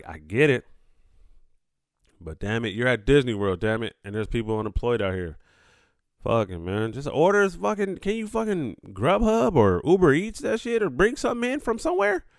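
A man's voice: lowish voice, no echo, studio quality. A man hosting a casual sports talk show, ranting. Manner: profane, animated ranting. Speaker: sports commentary host.

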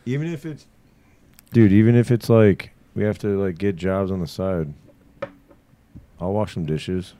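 A man's voice: on the low side, animated, moderate pace, dark tone, a little hiss or hum. A man, talking crude and rambling on a casual podcast, swearing often. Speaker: podcast co-host, band member.

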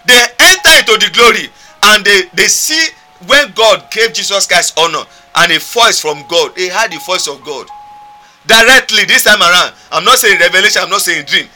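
Fervent Nigerian preacher, high bright voice. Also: male voice, lively intonation, moderate pace, soft background music. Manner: fervent, emphatic, repetitive preaching. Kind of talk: sermon.

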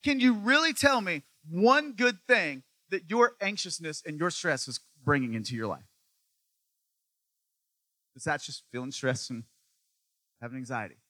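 Male preacher, sermon delivery; high, bright voice with a dry sound; repeats phrases and questions the listener, loud one moment and hushed the next. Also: lively intonation, unhurried, long pauses, dry recording. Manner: swings between loud emphatic lines and quiet low stretches.

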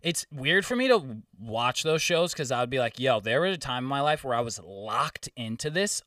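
A young man with a bright, forceful voice, chatting casually on a podcast and telling animated stories full of jokes and swearing. He sounds a little set back from the mic in a dry, dead-sounding space. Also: medium pitch, normal speed, no room sound, recorded from a distance. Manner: joking, profane, animated storytelling. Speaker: podcast co-host. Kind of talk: casual chat.

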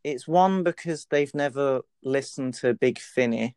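A young man co-hosting a casual podcast, blunt and argumentative. His voice is smooth and clear, recorded dry and close with no room sound. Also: medium pitch, darkish tone, dry recording. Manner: blunt, argumentative, quick to contradict. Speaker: podcast co-host. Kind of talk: casual chat.

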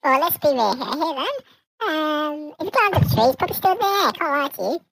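A polite, hesitant little British baby, as a player puts him on hedges in a high voice with heavy vocal fry. The sound is dry and close-up. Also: sing-song, brisk, fairly bright tone, no room sound, exaggerated voice, poor audio. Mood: wry. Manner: hesitant, full of ums, dry understatement. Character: overly polite British baby, mildly sly.

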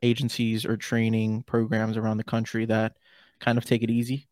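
A man's voice: fairly low pitch, monotone, normal speed, a little mellow, dry recording, studio quality. A man hosting a podcast who asks probing questions in a casual interview and often rephrases them as he goes. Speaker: podcast host.

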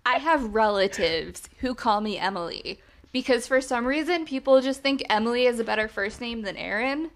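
Blunt, higher-voiced woman podcaster. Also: expressive, moderate pace. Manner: blunt, swears freely. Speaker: podcast co-host. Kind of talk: casual chat.

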